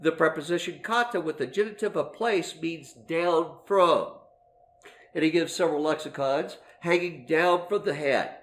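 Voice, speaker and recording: A middle-aged man teaching a Bible lesson, explaining slowly with many fillers and restarts. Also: fairly high pitch, fairly bright tone, reverberant.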